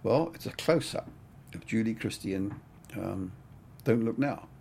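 Low gravelly older man, rambling. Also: lively intonation, a little slow, warm tone, slight background noise. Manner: rambling, full of "I mean" and "you know". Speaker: cinematographer. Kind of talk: casual interview storytelling.

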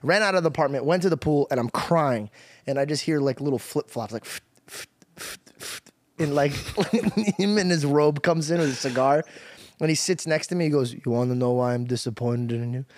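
A young man hosting a podcast, telling stories in animated casual chat, laughing often and swearing freely. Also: on the high side, normal speed, dry recording. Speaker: podcast host.

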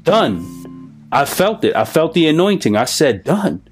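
A man's voice: on the high side, sing-song, fairly quick, faint music behind. A man giving a personal recovery testimony, emphatic and repetitive, in a streetwise storytelling manner. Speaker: recovery speaker.

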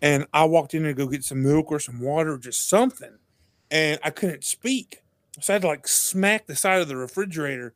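A man with a drawl and a slightly high voice tells a story on a podcast, animated and laughing as he acts out each line. The sound is close and dry, with no room around it. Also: a little fast, no echo. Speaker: podcast guest. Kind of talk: casual storytelling chat.

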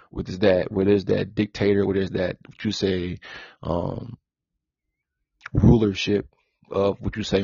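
A podcast host delivers a spiritual monologue, repeating himself and circling back to the same points with "again." His low voice is warm and slightly rough with vocal fry, heard with no echo in a dull lo-fi recording.

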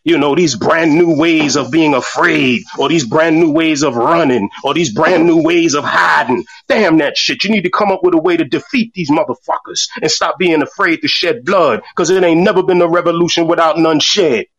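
A man's voice: on the high side, moderate pace, hardly any pauses, lo-fi sound, a crowd in the background. A middle-aged man giving a fiery, profane rant in an online voice room, often stumbling over repeated words. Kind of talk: impassioned rant. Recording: distant, breaking-up phone audio.

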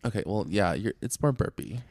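Very low, gravelly-voiced young woman. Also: animated, fairly quick, darkish tone, no room sound, studio quality. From Utah, USA. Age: 20s. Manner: playful, dramatic, joking. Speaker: podcast co-host. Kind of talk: casual chat.

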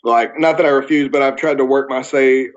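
A man's voice: medium pitch, steady tone, a little fast, muffled recording. A man from Oklahoma with a Southern accent, a guest chatting casually on a podcast in a blunt, swearing, laughing manner. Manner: blunt, swears freely, laughs between points. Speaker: podcast guest, music reviewer.

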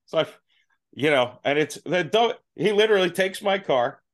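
A man's voice: fairly high pitch, moderate pace. A man hosting a podcast interview who chats casually and hesitantly, with many fillers. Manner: relaxed, hesitant with fillers, laughs along. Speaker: podcast host.

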